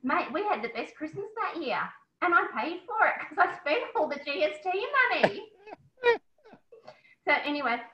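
A woman being interviewed, talking in an animated, emotional way and often breaking into exclamations. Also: sits high, normal speed. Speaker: interview guest, business owner. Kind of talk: casual interview chat. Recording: echoey, slightly dull recording.

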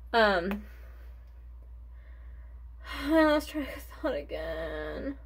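Chatting casually through a makeup tutorial, this young beauty vlogger rambles, forgets what she was saying, and sighs while running short of breath. Her mid-range voice is very animated, creaky and breathy at the edges, with drawn-out words and frequent pauses.

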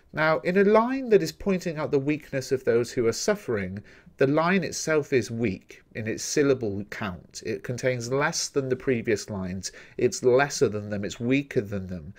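English male teacher, mid-pitched, methodical, talks to viewers in a recorded revision lesson. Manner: steady, methodical explaining, addressing viewers directly.

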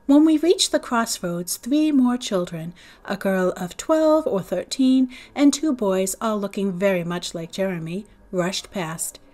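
A woman's voice: lively intonation, a little slow, few pauses. Woman reading a novel aloud. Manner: acts out the children's lines in higher, louder voices. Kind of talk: read-aloud storytelling.

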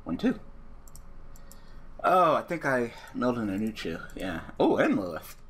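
A man's voice: mid-range voice, wildly swooping pitch, unhurried, a bit bright, breathy edge. A young man casually commenting on his own card game duel, profane and rambling, breaking into angry rants and restarting his sentences. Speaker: gaming YouTuber.

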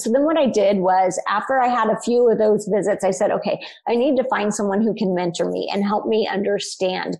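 A middle-aged woman with a gravelly, fry-tinged voice recounts her story as a podcast guest. She speaks earnestly and with animation, laughing easily along the way. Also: medium pitch, darkish tone, low-quality recording. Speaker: guest, spiritual medium.

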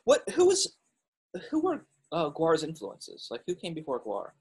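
Male podcast co-host, husky voice, mid pitch, animated and joking. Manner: playful, quick jokes. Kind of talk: casual chat.

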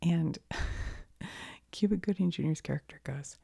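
A woman with a cold speaks in a soft-spoken ASMR way, often slipping into a whisper. Her voice is low and deeply gravelly with a husky, dark tone, close and dry on the mic. She rambles gently and corrects herself as she talks. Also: slow pace, dry recording. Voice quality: soft, breathy whisper drifting in and out. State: has a cold. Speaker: ASMR creator.

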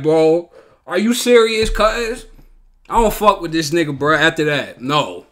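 A man's voice: fairly high pitch, sing-song, a little slow, pushed and bright. A man hosting a show reaction, talking bluntly in profane slang and repeating himself in heated outbursts. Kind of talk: casual reaction commentary.

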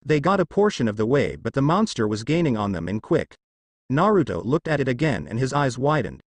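A man narrates a fan fiction tale with a pitch that rises and falls freely across each sentence. His voice sits close and dry, with no room around it. He keeps an animated storytelling lilt throughout. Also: a little fast, no room sound. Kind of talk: reading fan fiction aloud.

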